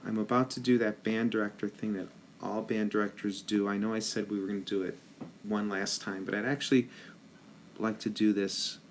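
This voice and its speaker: A man's voice: on the low side, slight background noise. A man teaching a rhythm lesson as a band director, patiently counting rhythms aloud in ta syllables.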